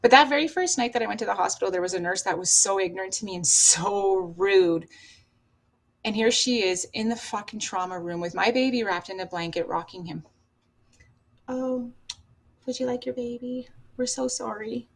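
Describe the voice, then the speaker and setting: Casting: woman from Canada, podcast guest, raw and halting personal storytelling, mid pitch.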